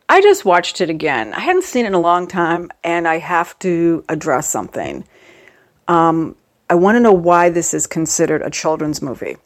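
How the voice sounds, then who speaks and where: Middle-aged woman, vlogging, lowish voice, rambling jokey talk, sudden emphatic jumps in pitch. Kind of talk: casual monologue to camera.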